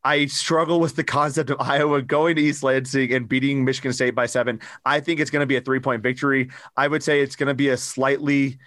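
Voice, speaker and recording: Fast-talking man in casual sports chat. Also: mid-range voice, level tone, fairly bright tone, dry recording, clean studio sound. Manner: fast, rueful storytelling. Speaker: podcast host.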